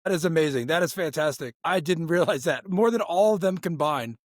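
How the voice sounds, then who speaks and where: Upbeat middle-aged podcast host. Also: male voice, on the high side, fairly quick, dry recording, clean studio sound. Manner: enthusiastic, affirming. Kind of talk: casual interview.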